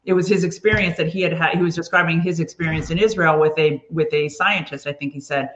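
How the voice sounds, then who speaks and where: A woman guest speaking earnestly and in a measured way about her faith in casual conversation. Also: deep voice, fairly even intonation, roomy sound, dull audio. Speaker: podcast guest.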